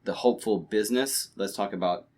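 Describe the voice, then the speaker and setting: A man's voice: lowish voice, brisk, a little mellow. A man co-hosting a podcast at home late at night, chatting casually and rambling with many restarts and fillers. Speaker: podcast co-host. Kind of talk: casual chat.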